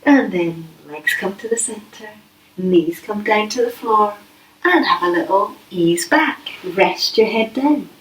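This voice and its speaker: A woman's voice: medium pitch, lively intonation, slow pace, distant mic. Woman, kids' yoga teacher, playful coaxing tone, echoey room, voice set back from the mic. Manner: gentle, playful, coaxing questions to children. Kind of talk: guided kids' yoga class.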